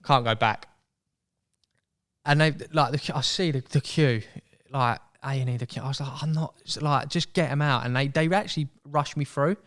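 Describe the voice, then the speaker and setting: A young man telling a story as a podcast guest in casual chat, animated and acting out voices. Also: medium pitch, normal speed. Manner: chatty, animated, acts out quoted voices.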